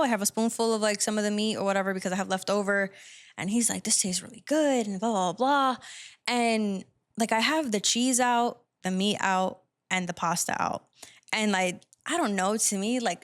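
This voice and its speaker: A woman hosting a podcast, telling a story in a chatty, animated way, with plenty of "like" fillers. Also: medium pitch. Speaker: podcast host. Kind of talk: casual podcast chat.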